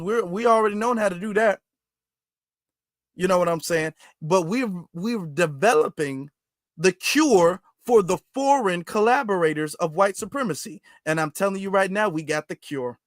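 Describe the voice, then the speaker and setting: High-voiced man preaching on a livestream. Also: fairly bright tone, dry recording, clean studio sound. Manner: preachy, teasing, repeats phrases. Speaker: livestream host. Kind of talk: casual livestream talk.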